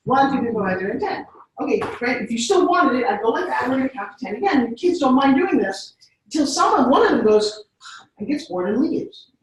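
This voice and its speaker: Animated woman, roomy distant sound. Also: sits high, brisk. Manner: animated, acts out voices. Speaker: speaker. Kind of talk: storytelling talk. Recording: echoey room, far from mic.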